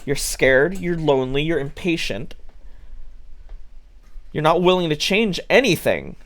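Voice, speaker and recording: Man, live streamer, blunt and scolding, swears a lot, slightly high voice. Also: very animated, a little slow, fairly bright tone. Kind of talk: live-stream talk to chat.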